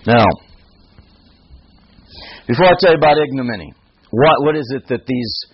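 A man's voice: medium pitch, normal speed, long pauses, husky. A man teaching a Bible text, emphatic and often restarting his sentences. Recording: dull, muffled recording.

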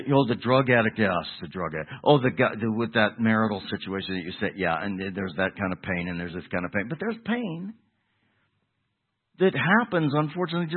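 A man preaching a sermon in a conversational way, restarting phrases and moving between loud emphasis and quiet asides. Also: medium pitch, husky. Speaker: pastor. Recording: tinny phone-like sound.

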